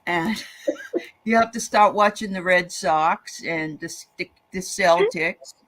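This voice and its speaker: A woman hosting a live spiritual show, chatting with her guest and giving readings in a lively, joking way. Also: lowish voice. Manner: lively, chatty, quick to joke and laugh.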